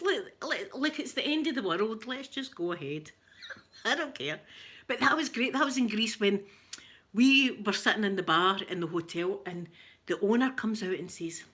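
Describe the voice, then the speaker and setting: A Scottish woman with a rough voice, chatting casually and laughing as she tells stories to viewers on a live stream. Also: on the high side, sharp tone. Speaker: livestream host chatting with viewers.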